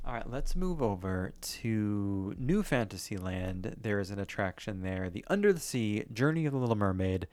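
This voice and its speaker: A man co-hosting a casual podcast chat, chatty and self-deprecating, sometimes reading song lyrics aloud slowly. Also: lowish voice, very animated, darkish tone, clean tone, dry recording. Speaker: podcast co-host.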